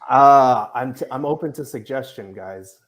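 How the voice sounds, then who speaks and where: A man's voice: mid-range voice, moderate pace, a crowd in the background. Laughing man on a sports podcast. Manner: laughs often, hesitant. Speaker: co-host. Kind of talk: casual podcast banter.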